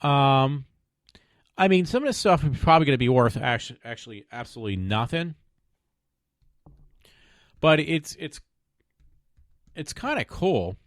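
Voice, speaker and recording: Solo web show host, a man, mid-pitched, rambling and sarcastic, dry close mic at home. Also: expressive, unhurried, long pauses, no echo. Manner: rambling, many fillers and trailing off; sarcastic, mock-pleading asides. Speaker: podcast host. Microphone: desk microphone at home.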